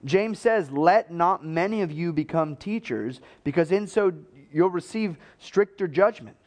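A man's voice: sits high, animated, unhurried, a little mellow. A man preaching a sermon in a conversational storytelling way, acting out the voices he quotes.

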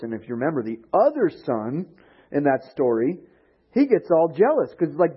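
A man preaching a sermon as pastor, telling a story with lively animation and acting out the voices of the people in it. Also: mid-range voice, moderate pace, slightly rough. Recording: dull lo-fi recording.

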